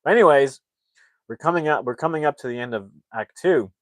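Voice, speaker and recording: A man's voice: mid-range voice, a little fast, dry recording. A young man casually retelling a film's plot as a reviewer, rambling and acting out the characters' lines as he goes. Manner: rambling, animated retelling with acted-out quotes. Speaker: movie reviewer.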